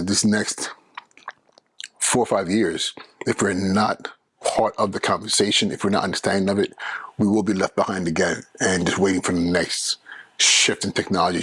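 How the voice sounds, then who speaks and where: Earnest male educator hosting a solo podcast; low, husky voice. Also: fairly bright tone, no echo. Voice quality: earnest and persuasive, with frequent restarts.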